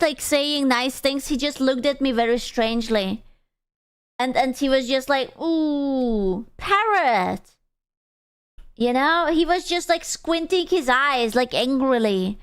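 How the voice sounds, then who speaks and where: A woman's voice: high voice, fairly bright tone. A young adult woman streamer chatting casually and crudely with her chat, teasing and playful. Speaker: VTuber streamer.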